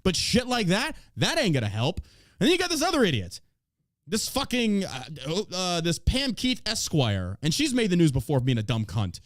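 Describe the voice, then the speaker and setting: A fired-up male podcast host rants with a lively, swooping voice that sits a little high. He swears freely and hammers each point hard. The sound is close and dry. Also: normal speed, no echo. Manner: profane, heated, emphatic. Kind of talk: ranting political podcast talk.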